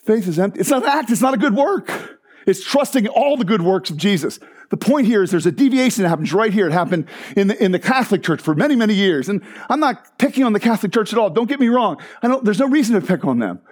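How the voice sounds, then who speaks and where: Animated high-pitched male preacher. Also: fast talker. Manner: animated, emphatic, with restarts. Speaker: pastor. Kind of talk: sermon.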